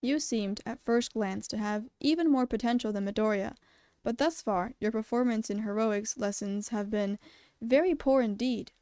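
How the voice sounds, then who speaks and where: A woman doing a composed male animal principal, every word measured and precise. His voice sits fairly high, and the sound is close and dry. He stays polite and formal even when he is cut off. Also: no room sound, lightly acted. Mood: calm.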